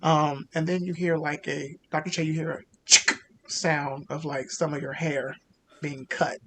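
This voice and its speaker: Man, game master, casual halting narration, fillers, faint rumble behind. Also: level tone, fairly bright tone.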